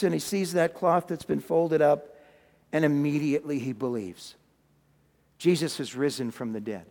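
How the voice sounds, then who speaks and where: Brief: male preacher, storytelling sermon, folksy asides, high-pitched, reverberant hall. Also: vocal fry.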